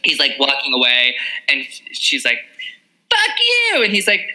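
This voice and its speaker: A young woman hosts a casual podcast chat, her voice bright and forceful. She talks in animated bursts, peppered with fillers and laughs. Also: rumbling low, moderate pace, poor audio. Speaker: podcast co-host.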